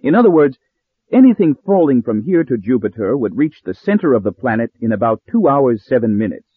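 A man's voice: medium pitch, sing-song, brisk, husky, dry recording. A man reading the part of a smug, pompous older professor who threatens with cool politeness, recorded with narrow phone-like sound. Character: smug scheming male professor, older, coolly menacing.

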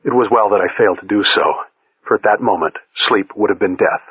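Low-voiced man reading a story aloud. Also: brisk, husky, no echo. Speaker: audiobook narrator. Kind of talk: scripted first-person story reading. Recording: dull lo-fi recording.

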